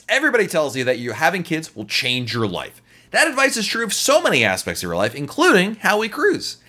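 Male podcast host, animated and bright, jokey casual chat. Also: fairly high pitch. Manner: playful, jokey, lively delivery.

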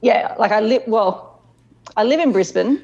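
A woman's voice: a little high, expressive, measured pace, vocal fry, a little mellow. Australian woman on dull, lo-fi audio. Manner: friendly, chatty, easygoing. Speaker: podcast guest. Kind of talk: casual conversation.

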